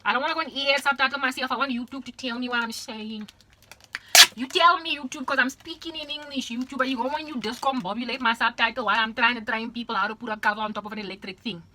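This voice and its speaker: South african girl ranting at the camera, high voice, talks super quick, over the top and repeats herself. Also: sharp tone, a little hiss or hum. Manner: exaggerated, repetitive, mixes in Afrikaans. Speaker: vlogger.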